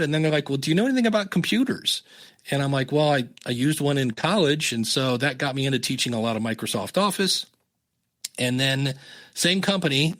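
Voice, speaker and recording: Guy in his 50s telling stories on a podcast, does little voices for the people he quotes, chatty. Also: mid-range voice. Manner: animated, acts out quoted dialogue. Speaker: podcast guest. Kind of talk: casual storytelling interview.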